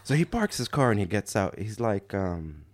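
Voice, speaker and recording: A young man from Morocco telling a funny story in casual chat, laughing often and getting lively when he acts out other people. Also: fairly low pitch, moderate pace, no room sound. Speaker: podcast host telling a story.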